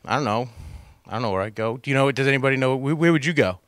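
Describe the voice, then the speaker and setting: A man's voice: mid-range voice, lively intonation, racing, a bit bright, clear, resonant tone, no echo, studio quality. A man doing a stand-up comedy routine on a cable access stage, talking into a handheld mic with rambling, self-deprecating asides to the crowd. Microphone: handheld microphone.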